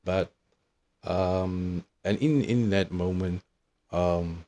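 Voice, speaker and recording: Deep-voiced man rambling profanely. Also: fairly even intonation, unhurried, warm tone. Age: 30s. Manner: profane, meandering storytelling. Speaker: vlogger. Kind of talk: casual rambling monologue.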